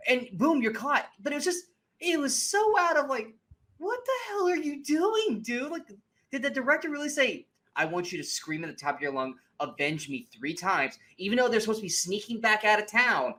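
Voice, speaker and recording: A man co-hosting a movie review podcast, chatting casually in an animated, profane way and acting out scenes in mocking voices. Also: sits high, brisk. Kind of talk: casual chat.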